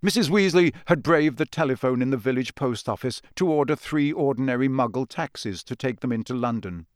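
A man reading a story aloud as audiobook narrator in steady storytelling. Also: mid-range voice, fairly quick, dry recording, clean studio sound. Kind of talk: scripted narration.

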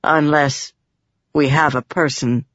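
This is a woman's take on an alien male spirit from a storybook, curious about everything and strangely literal. He speaks slowly and flatly, pausing to hum as he ponders. The audio is dull and dry. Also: sits low, dry recording, exaggerated voice. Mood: solemn. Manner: slow, flat and precise, with musing hums.

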